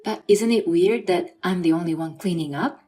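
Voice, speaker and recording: A woman's voice: fairly low pitch, normal speed, mellow, faint music behind, close to an everyday voice. A woman voicing an injured young wife who is fed up with her husband and mother-in-law. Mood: indignant. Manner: indignant, sarcastic.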